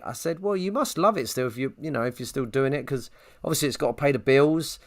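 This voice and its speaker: A man's voice: medium pitch, brisk. A man, co-hosting a podcast and chatting casually, acting out the people in his stories. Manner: animated storyteller acting out quotes. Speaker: podcast co-host. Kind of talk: casual chat, storytelling.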